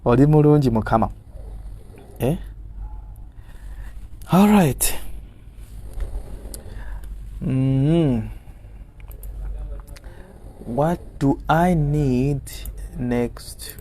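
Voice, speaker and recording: A man with a Ugandan accent delivers an encouraging sermon in a mellow, warm voice at an ordinary pitch. He moves between Luganda and English and repeats phrases for emphasis. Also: lively intonation, extremely slow, pauses often, a little hiss or hum. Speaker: preacher. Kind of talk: motivational sermon.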